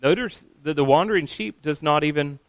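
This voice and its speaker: A pastor giving a sermon, earnest and steady, sometimes acting out quoted voices. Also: male voice, fairly high pitch, fairly quick, dry recording.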